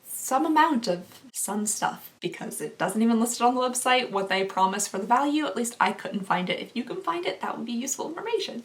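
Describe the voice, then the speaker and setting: A woman's voice: on the high side, distant mic. Chatty young woman, a little off-mic. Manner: chatty and self-mocking, laughs between sums. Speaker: beauty vlogger. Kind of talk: casual to-camera chat.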